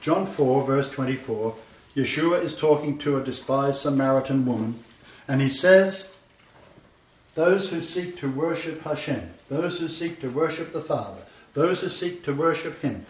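A man's voice: a little high, animated, normal speed. A man preaching a sermon, emphatic and repeating his scripture references as he speaks. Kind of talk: sermon with congregation interjections. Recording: echoey room, dull sound from far off.

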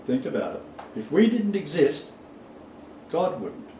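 A man with a voice on the high side gives a Bible lecture to a small group, his pitch swinging widely while his pace stays measured and his tone warm. He speaks emphatically, repeating key phrases for weight. The dull lo-fi recording is roomy and distant, with slight background noise.

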